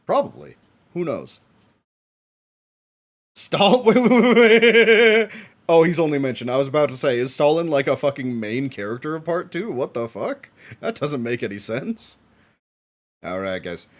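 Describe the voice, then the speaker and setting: A man streaming a live watch-along, reacting excitedly with frequent laughs and casual swearing. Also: medium pitch, moderate pace.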